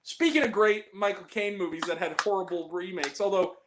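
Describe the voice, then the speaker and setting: Male host, high register, animated and profane in loose film talk. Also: brisk, background noise. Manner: animated, rambling, swears freely. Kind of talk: casual movie chat.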